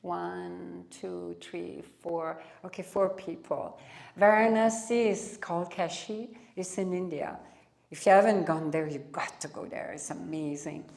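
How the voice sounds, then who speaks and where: A woman with a French accent leads a spiritual satsang in front of a live audience, taking her time over every phrase. Her voice sits somewhat low. She pauses and restarts as she searches for words. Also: vocal fry, a little mellow. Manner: unhurried, drawn-out phrasing with frequent restarts. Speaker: spiritual teacher.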